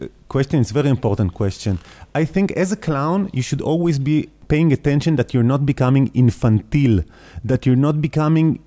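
A man with a non-native English accent talks as a clown teacher, pausing often to find the right words. His voice is mellow and dark. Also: mid-range voice. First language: not English. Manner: thoughtful, halting, searching for words.

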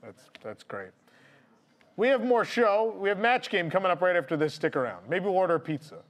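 A man's voice: sits high, big pitch swings, a little fast. A man co-hosting a casual podcast chat, playful and joking. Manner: playful, mock-reads text aloud with laughs. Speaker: podcast co-host.

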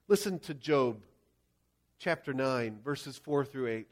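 A male pastor preaching a sermon, acting out scenes and shouting quoted lines. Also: medium pitch, expressive, slow pace.

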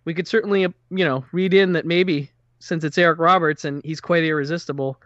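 Male co-host, high voice, hesitant, muffled dry recording. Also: steady tone, fairly quick, fairly bright tone, no echo. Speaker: podcast co-host. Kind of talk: casual banter. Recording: dull, dry, lo-fi mic.

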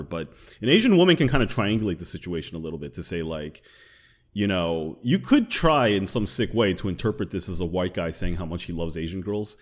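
Low-voiced man in blunt casual chat. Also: fairly quick. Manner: blunt, swearing, animated storytelling. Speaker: podcast co-host.

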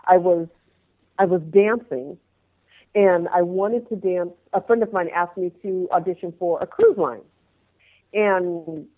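Woman guest, animated storyteller, tinny phone-quality line. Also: lowish voice. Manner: animated, acts out scenes in changing voices. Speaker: interview guest, former pro dancer. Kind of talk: personal storytelling in conversation.

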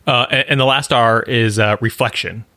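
A male podcast host with a bright, forward voice, recorded dry and close. He asks measured follow-up questions and sums up what his guest has said. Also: medium pitch, fairly even intonation, no room sound. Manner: sums up and checks the guest's points. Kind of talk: podcast interview.

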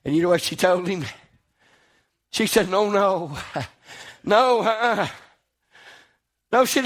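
Male preacher, high-pitched, fervent sermon delivery with loud peaks and soft drops. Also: unhurried, pauses often. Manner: impassioned, swings from loud exclamation to quiet asides.

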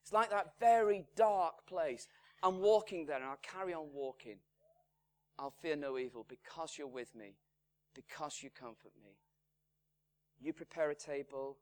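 Slow, measured man preaching a sermon. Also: a little high. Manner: measured, emphatic delivery with loudness swinging from strong to hushed. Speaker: pastor. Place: church in Salford.

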